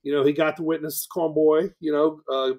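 A man's voice: fairly high pitch, flat delivery, moderate pace, a little mellow. A man hosting a podcast, recapping a weekend in a rambling, casual way with lots of fillers. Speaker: podcast host. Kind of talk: casual chat.

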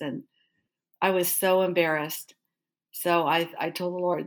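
Low-voiced woman telling a story. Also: normal speed. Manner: animated, acts out remembered inner thoughts and dialogue. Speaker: pastor and author, interview guest. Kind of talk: personal storytelling in an interview.

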